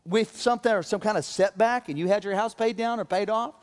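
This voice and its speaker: Man, pastor, humorous sermon, high voice, reverberant church hall. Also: a little fast. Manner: humorous, addresses congregation directly. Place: large church auditorium.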